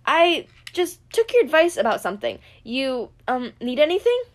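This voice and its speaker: A woman reading the part of a sharp, caring young girl in a brisk, scolding way. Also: sits high, sing-song, pitched above the performer's own voice. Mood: awkward. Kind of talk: audiobook character reading.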